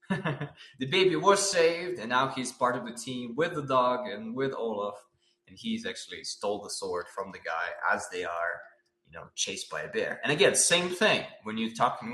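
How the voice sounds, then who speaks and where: A man teaching storyboarding in a live-stream art lecture, animated and full of rhetorical questions, tagging lines with "right?". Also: mid-range voice, reverberant. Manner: animated, asks many rhetorical questions, uses "right?" often. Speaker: concept artist teaching storyboarding.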